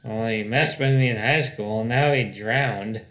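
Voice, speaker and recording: A man's voice: medium pitch, unhurried, fairly bright tone, low-quality recording. A man casually telling stories among friends, loose and laughing, peppered with "dude" and "like.". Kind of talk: casual storytelling chat.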